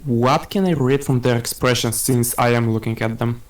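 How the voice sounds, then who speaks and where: A man's voice: medium pitch, fairly even intonation, poor audio. Hesitant man asking the game master. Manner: hesitant, halting. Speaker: player. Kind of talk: casual tabletop play.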